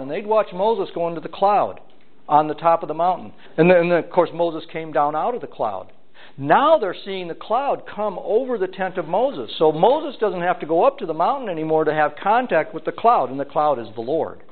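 A man preaching an expository sermon, reading scripture aloud and then explaining it in plain, conversational terms. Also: on the high side. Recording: tinny phone-like lo-fi audio.

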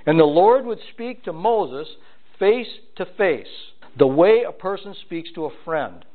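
A man's voice: high voice, sing-song, unhurried. A man preaching an expository sermon, reading scripture aloud and then explaining it in plain, conversational terms. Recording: tinny phone-like lo-fi audio.

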